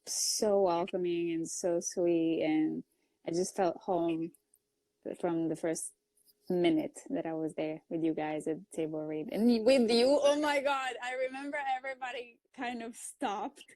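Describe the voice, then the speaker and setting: A woman's voice: lowish voice, level tone, measured pace, dark tone, no room sound, low-quality recording. A woman from Italy with an Italian accent, chatting casually on a phone live stream and laughing often. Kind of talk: casual chat.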